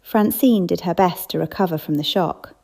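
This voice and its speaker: A woman narrating a cozy mystery audiobook with an even, measured reading. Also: fairly low pitch, vocal fry. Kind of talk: scripted narration.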